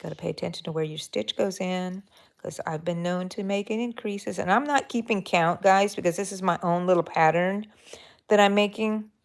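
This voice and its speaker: A woman's voice: on the low side, normal speed, gravelly. A woman hosting a live crochet stream, chatting casually and thinking aloud as she works. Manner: rambling, thinking aloud with fillers. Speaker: crochet channel host.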